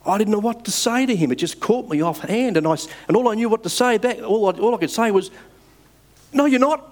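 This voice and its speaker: A man preaching a sermon in an earnest, measured way, rising for emphasis and dropping soft at the ends of phrases. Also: sits high, expressive.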